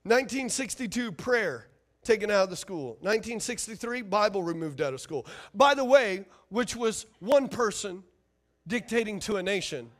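A man's voice: high voice, lively intonation, moderate pace. A man preaching a sermon as pastor, emphatic and fiery, firing rhetorical questions at his congregation.

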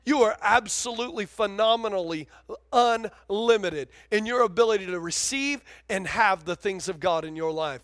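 Male pastor with a very high voice, animated sermon delivery, calls out to the congregation, dry close sound. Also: normal speed, no echo.

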